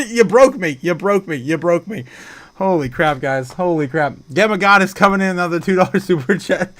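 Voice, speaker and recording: A man hosting a casual livestream, reading viewer comments aloud, excitable and laughing often. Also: high voice, normal speed, faint music behind. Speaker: livestream host.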